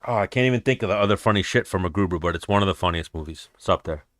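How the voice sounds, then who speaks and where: A man's voice: low voice, very fast, fairly bright tone, no room sound, studio quality. A young man hosting a livestream, chatting loosely and rambling with a lot of profanity. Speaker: livestream host. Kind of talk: casual chat with live chat.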